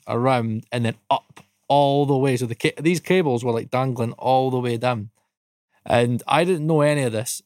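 A man from Dundee with a Scottish accent, co-hosting a podcast and telling a casual story, animated and swearing freely. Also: mid-range voice, no room sound, clean studio sound. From Dundee, Scotland. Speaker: podcast co-host.

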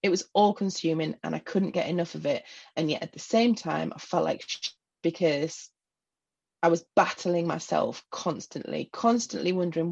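A woman with a Northeast English accent speaks frankly and with self-deprecating humour in an interview, often restarting her sentences. Her voice sits fairly low, with a raspy, gravelly edge. The recording sounds a little muffled and lo-fi. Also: normal speed, darkish tone. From Northeast England. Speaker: guest. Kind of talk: candid personal interview.

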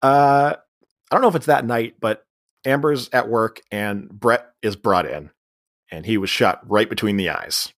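A man co-hosting a podcast, casually recapping a comedy film's plot and mimicking characters' lines. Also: fairly low pitch. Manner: recounts plot, acting out lines in quick voices. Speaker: podcast co-host. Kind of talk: casual movie recap chat.

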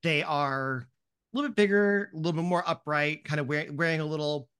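A game master casually narrates a tabletop game, piling up fillers as they describe the scene. The voice sits at a middle pitch. The delivery is loose and conversational. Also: brisk, a bit bright, clear, resonant tone. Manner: casual, rambling, many fillers like "you see".

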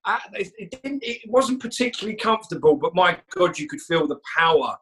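A man telling a lively story in a casual chat. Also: sits high, a little fast, slightly rough, low-quality recording. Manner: lively storyteller, animated retelling.

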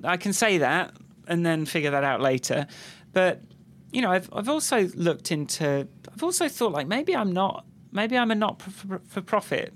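A man's voice sits high and a bit bright, with a little hiss or hum in the recording. He's a podcast co-host in casual chat, rambling with many restarts and fillers.

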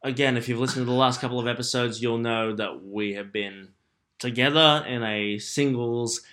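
A man's voice: mid-range voice, steady tone, moderate pace, fairly bright tone. A young man co-hosting a casual podcast chat, camp and teasing in his banter. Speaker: podcast co-host.

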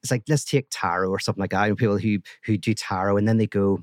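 A man with a lowish voice speaks as a guest philosopher on a podcast. He explains ideas through lively stories, often restarting his sentences. The recording is dry and close. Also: fast, dry recording. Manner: animated storytelling with frequent restarts. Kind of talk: podcast conversation.

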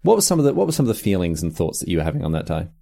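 Animated, laughing male storyteller. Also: sits low, racing, vocal fry. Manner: animated storyteller, laughs often, acts out quotes. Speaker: podcast co-host. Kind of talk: casual chat.

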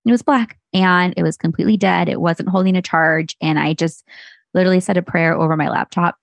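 Woman, 30s, casual solo storytelling, rambling and filler-heavy, vocal fry, dry close sound. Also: lowish voice, steady tone, fairly quick, no echo. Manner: chatty, rambling, full of "like" and restarts. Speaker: podcast host and business owner.

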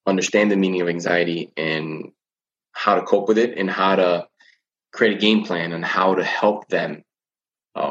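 A man's voice: sits low, fairly bright tone, highs cut off. A man talking about coping with anxiety as a teen coach in a casual podcast chat, earnest and often repeating words while he thinks.

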